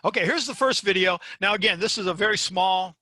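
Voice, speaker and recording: Bright-voiced man giving a webinar lecture. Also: high voice, fairly quick, no echo. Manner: emphatic, checks in with "okay?". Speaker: university faculty member.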